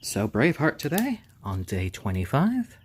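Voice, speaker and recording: A man hosting a casual live stream, gently soothing and hushing his baby chicks and thanking viewers. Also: mid-range voice, wildly swooping pitch, normal speed, a little hiss or hum. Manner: reads out viewer names and thanks them.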